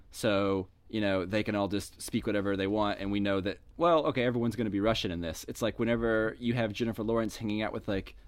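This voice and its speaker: A lower-voiced man on a casual movie podcast, building his argument step by step. The recording is dry and close, with no room sound around him. He speaks with firm conviction. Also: dry recording. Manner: argumentative, makes his case point by point. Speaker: podcast co-host. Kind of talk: casual film discussion.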